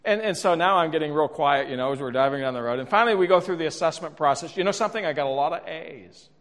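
In a reverberant lecture hall, a middle-aged man runs a workshop for a storytelling conference talk, poking fun at himself as he tells stories and frequently starting over. His voice is a little high and somewhat bright, and he talks fast.

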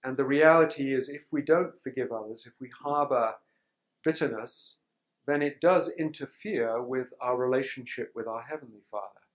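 A man giving a conference talk to pastors in a sermon tone, measured and reflective, often pausing to clear his throat. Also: medium pitch, rough recording. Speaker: speaker teaching pastors on forgiveness.

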